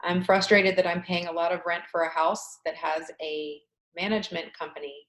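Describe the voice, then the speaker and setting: Low-voiced woman leading tapping affirmations. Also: fairly even intonation, normal speed, echoey room, poor audio. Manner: leads repeated affirmations, sighing and emphatic. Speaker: tapping coach. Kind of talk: guided tapping session. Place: home, on a webinar. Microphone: video call webcam.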